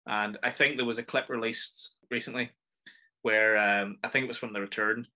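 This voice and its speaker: A man's voice: fairly low pitch, fairly even intonation, moderate pace, bright, forceful tone. A man with a Northern Irish accent hosting a casual film review podcast, chatty and enthusiastic as he rambles through his thoughts. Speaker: podcast host.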